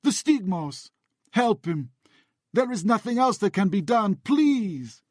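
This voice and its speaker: A frantic Greek man, shouting. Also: high-pitched, very animated, slow pace, no room sound, studio quality, voice pushed up, full character voice. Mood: desperate pleading. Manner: shouting, broken English, desperate.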